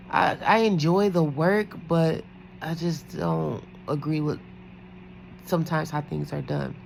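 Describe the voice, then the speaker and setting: A woman's voice: lowish voice, gravelly, slight background noise, rough recording. A woman who works as a night-shift nurse, chatting casually in a storytime vlog, rambling with lots of fillers.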